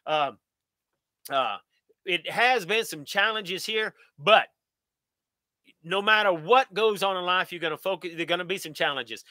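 A folksy middle-aged man from the answers viewer questions on a live stream. His voice sits high and bright, recorded close and dry. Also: a little slow, pauses often, dry recording. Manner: folksy, upbeat, talks straight to viewers. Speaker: channel host.

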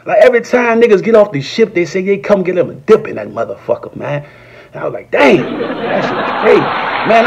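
A man tells a rambling, profane comedy rant in a high, lively voice that leaps up whenever he acts out a quote. A noisy crowd and general din surround him, and the sound is muffled. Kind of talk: stand-up style comedy rant.

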